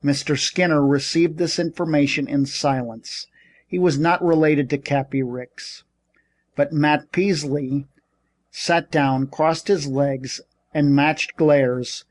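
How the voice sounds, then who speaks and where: A man reading an audiobook in measured, scripted narration. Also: a little high, fairly even intonation, a little mellow.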